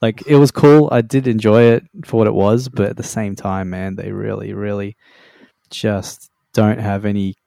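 Low, mellow-voiced man in laid-back chat. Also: fairly even intonation, normal speed, vocal fry, no echo, clean studio sound. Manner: laid-back, opinionated film talk with fillers. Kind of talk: casual chat.

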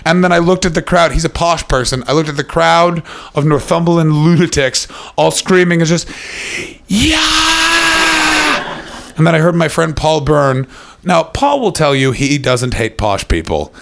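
Man, stand-up comic, gravelly voice, animated, quick character voices. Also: a little high. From Canada. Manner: animated, acts out other people's lines in quick character voices. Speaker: stand-up comedian. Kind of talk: stand-up comedy storytelling. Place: stage before a live audience.

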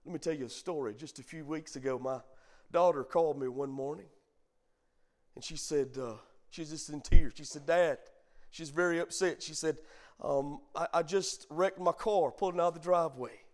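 High-voiced preaching pastor. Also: male voice, moderate pace. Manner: preaching with call-and-response, bursts of emphasis. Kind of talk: sermon.

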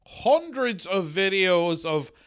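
A young Irish man co-hosting a crude comedy podcast, wry and answering with short deadpan affirmations. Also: sits high, slow pace, dry recording, studio quality. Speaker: podcast co-host.

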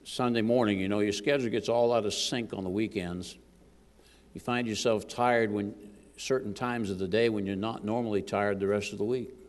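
A man's voice: on the low side, moderate pace. A man preaching as a guest minister, joking with the congregation and calling out for amens. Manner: lively, jokes with the congregation, calls for amens. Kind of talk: sermon. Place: church sanctuary. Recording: long hall reverb.

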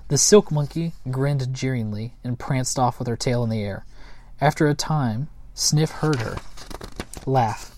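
A man reading a children's book aloud in a gentle, unhurried way, with small slips and chuckles. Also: medium pitch. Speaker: storyteller.

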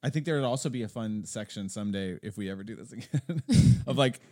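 A man in his forties hosting a casual podcast chat, halting and restarting often, quick to laugh. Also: on the low side, animated, darkish tone, no room sound, studio quality. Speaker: podcast host.

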